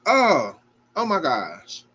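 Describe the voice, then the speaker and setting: A man's voice: a little high, wildly swooping pitch, very slow, sharp tone, slightly rough, lo-fi sound. A man hosting a gymnastics reaction show, talking emphatically and emotionally and swearing freely.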